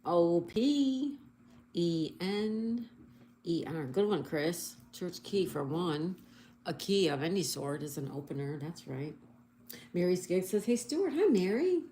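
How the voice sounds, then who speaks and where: A woman with a fairly low, mellow voice speaks slowly but animatedly as she hosts a casual livestream. She reads viewers' comments aloud and greets them cheerfully while working on a crossword, in an echoey room with faint background noise.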